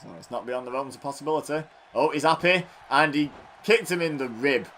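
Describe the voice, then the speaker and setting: A man hosting a gaming channel riffs over a wrestling video game, mixing play-by-play calls with chatty, self-mocking jokes. His voice is on the high side, a bit bright, and fairly quick. There's slight background noise.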